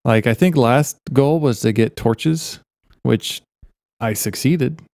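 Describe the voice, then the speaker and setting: A man's voice: medium pitch, slow pace, creaky, a little mellow, no echo, studio quality. A man co-hosting a podcast, chatting casually and making goofy, rambling jokes while playing a game. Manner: goofy, jokey, rambling tangents. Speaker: podcast co-host. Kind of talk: casual gaming chat.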